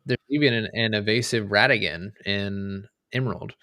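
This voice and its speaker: A man co-hosting a casual card game livestream, relaxed, reading card stats aloud and hedging with "I think". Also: on the low side, moderate pace, no echo, studio quality. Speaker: co-host. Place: home studio, livestream.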